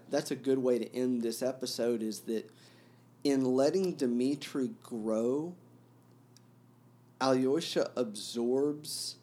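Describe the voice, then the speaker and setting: A man co-hosting a casual book discussion, earnest and halting, with many restarts as he thinks aloud. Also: medium pitch, warm tone.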